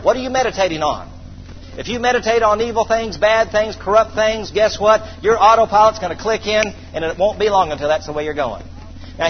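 A man preaching a sermon to a congregation, calling for responses and praising, slowing down to read scripture. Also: sits high. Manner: call-and-response, exclamations of praise. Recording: dull distant hall sound, faint noise.

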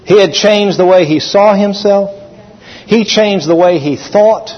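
A man's voice: high-pitched, slightly rough. A man preaching a sermon in a folksy storytelling manner with fillers. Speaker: pastor. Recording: echoey hall, dull sound.

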